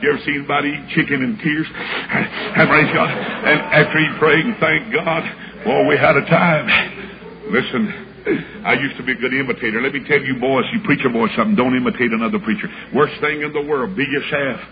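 A man preaching, telling a folksy story and acting out the voices in it, building up to shouts. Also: medium pitch, steady tone, brisk, a crowd in the background. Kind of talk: storytelling sermon. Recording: dull lo-fi recording with clear background hiss.

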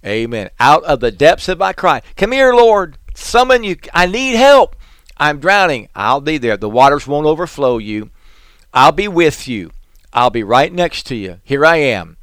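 A man preaching a sermon, reading scripture slowly and breaking into raised, pleading outbursts. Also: medium pitch, a bit bright, clean tone, no echo. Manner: reads scripture slowly and deliberately.

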